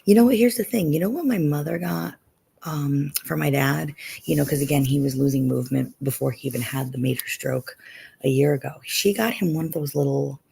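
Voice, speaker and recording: A woman's voice: low voice, a little fast, vocal fry, warm tone, slightly rough. A middle-aged woman hosting a live stream, chatting casually with viewers and often saying "you know".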